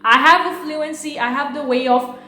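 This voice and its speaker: A fast-talking woman with a non-native English accent, speaking frankly and defensively to camera as an online business YouTuber. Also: high voice, sharp tone. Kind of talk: casual talk to camera. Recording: echoey room.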